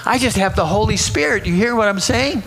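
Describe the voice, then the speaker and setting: A man's voice: high voice, animated, a little fast, vocal fry, fairly bright tone, slight background noise. A man preaching a sermon, exuberant and repetitive, often laughing between phrases.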